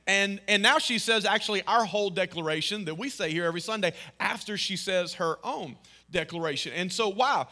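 A man in his thirties preaches from the pulpit in a high, bright voice. He tells stories with emphatic bursts and sudden rising exclamations. His delivery is that of a pastor's sermon. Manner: emphatic, storytelling, rises to loud exclamations.

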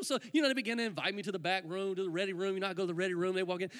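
A male preacher shares a humorous testimony, full of animated storytelling and comic asides. His voice sits very high and bright, and he talks fast, piling one phrase on the next.

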